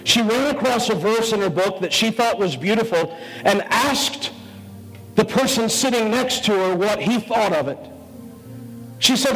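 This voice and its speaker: A man preaching as a pastor, pleading earnestly with his listeners in short phrases broken by pauses, in a large auditorium. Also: sits high, lively intonation, a bit bright. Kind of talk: sermon. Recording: long hall reverb with faint music.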